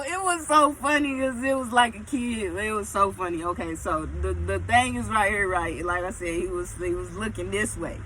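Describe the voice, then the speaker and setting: A woman telling a casual storytime, animated and emphatic, often checking in with her listeners. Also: on the high side, slight background noise, low-quality recording.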